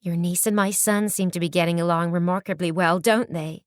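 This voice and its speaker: Storybook role: woman voicing a meddling upper-class mother, simpering and trilling, a little lower. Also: steady tone, fairly quick, no room sound, studio quality, lightly acted. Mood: scheming. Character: fussy, matchmaking society mother.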